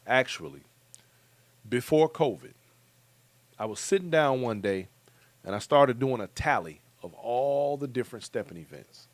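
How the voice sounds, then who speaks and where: Middle-aged man, host, colloquial and joking, mid-pitched voice, dry close sound. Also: no echo. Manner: loose, joking, colloquial, chuckles often. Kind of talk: casual chat reading viewer comments.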